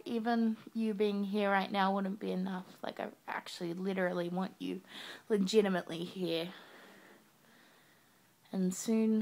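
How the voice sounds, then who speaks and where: A young woman recording a sleepy video message to her partner in her bedroom at night, talking softly with her eyes closed. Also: mid-range voice, gravelly. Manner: soft, drowsy and affectionate, talking with eyes closed. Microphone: webcam.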